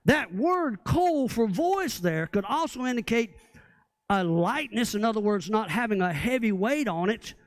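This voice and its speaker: A man's voice: sits high, animated, measured pace, no room sound. A man preaching a sermon as pastor, often asking the congregation rhetorical questions.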